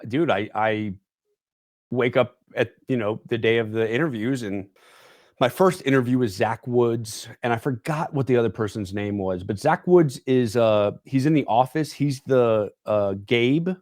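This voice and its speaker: A man's voice: medium pitch, unhurried, a little mellow, dry recording, studio quality. A young man guesting on a podcast, telling a rambling story and leaning on "like" and "dude". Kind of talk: casual storytelling chat. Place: podcast studio.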